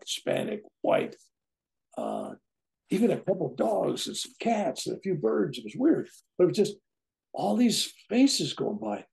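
A man in his seventies, appearing as an interview guest, casually tells a personal story, acting out quoted dialogue and tagging lines with "right?". His mid-range voice is creaky and a little mellow.

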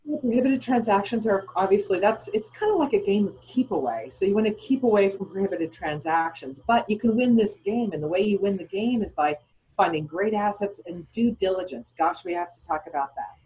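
A woman's voice: medium pitch, lively intonation, fairly quick, dark tone, breathy edge, poor audio. A woman guest on a podcast interview, explaining things in a chatty way and posing questions to herself as she goes. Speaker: guest, founder of retirement account custodian.

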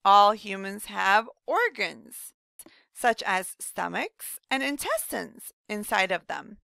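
A woman's voice: medium pitch, very animated, vocal fry, dry recording, studio quality, exaggerated voice. Doctor Wellbody, a woman playing a cheerful rhyming doctor. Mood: friendly. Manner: slow, gentle teacherly explaining to young children. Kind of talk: scripted read-aloud lesson.

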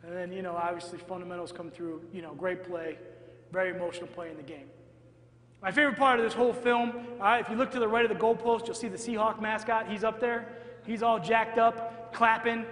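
A man with a high, bright voice gives an energetic coaching clinic talk and keeps checking in with his audience. The sound is roomy, with a long hall reverb trailing each phrase. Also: a little fast. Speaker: football coach presenting at a clinic. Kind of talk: coaching clinic talk over game film. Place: large hall in front of an audience.

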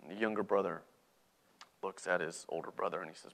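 A man's voice: sits low, steady tone, fairly quick, gravelly, long pauses, fairly bright tone. A man preaching a sermon in a conversational way, often checking in with his listeners. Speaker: pastor.

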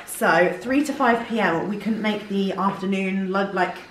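Young woman, excited casual vlog, giddy and gushing, handheld camera, faint hiss behind. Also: mid-range voice, unhurried, low-quality recording. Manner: giddy, gushing, laughs a lot. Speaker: vlogger. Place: large holiday lodge indoors.

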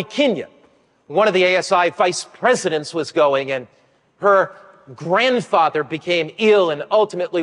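An older man preaching a sermon, an animated storyteller who acts out the voices of children and other people in his stories. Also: high-pitched. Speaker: pastor. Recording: long hall reverb.

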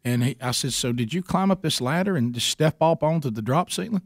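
A man's voice: on the high side, a little fast, no echo, studio quality. A man, a radio host telling a comic story and acting out the voices of the people in it. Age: 40s. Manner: animated storyteller who acts out quoted voices. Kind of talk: comedic storytelling on a talk show.

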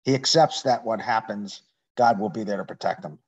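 A man's voice: on the low side, normal speed, darkish tone, breathy edge, muffled recording. A man answering as a student in an online class, thinking aloud a little tentatively.

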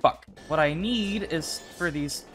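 A young man with a slightly high voice runs through a game while he talks, coaxing the characters on screen and swearing under his breath. Game music plays softly behind him. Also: takes it slowly. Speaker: gaming YouTuber. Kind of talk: casual gameplay commentary.

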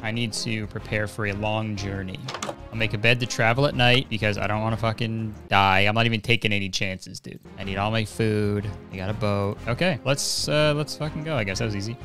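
A man's voice: fairly low pitch, fairly bright tone. A young man streaming a video game, talking casually in a rambling, jokey, profane way. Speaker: gaming streamer. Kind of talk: casual gameplay commentary.

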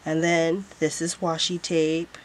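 A woman's voice: low voice, flat delivery, takes it slowly, a little hiss or hum. A woman vlogger showing off planner stickers in a casual haul, gushing and repeating how cute everything is.

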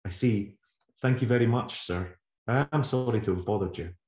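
A man's voice: fairly low pitch, moderate pace, a little mellow, lightly acted. A man voicing an anxious young boy who speaks with stiff, over-formal politeness, in a roomy recording. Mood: nervous politeness. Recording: roomy echo.

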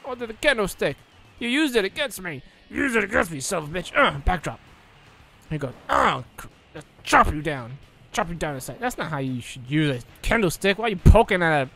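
A high, lively young man gives jokey commentary over a video game, his voice gravelly and sharp. He keeps breaking into mock announcer shouts. The recording is dry and close, with faint game music underneath. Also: brisk. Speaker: let's play gamer.

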